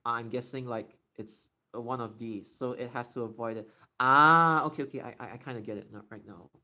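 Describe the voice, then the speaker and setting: Young male streamer, medium pitch, chatty and explanatory in a casual live Q&A. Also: sharp tone. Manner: chatty and explanatory, slowly stretching out demonstration words. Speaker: live streamer answering chat questions.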